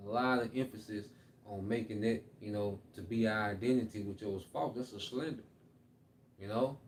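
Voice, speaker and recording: Guy with a kinda low voice explaining bible verses, loose and repetitive, keeps saying "man" and "okay". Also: darkish tone, slight background noise. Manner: reads scripture aloud, then explains it. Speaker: Bible teacher. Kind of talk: informal scripture teaching.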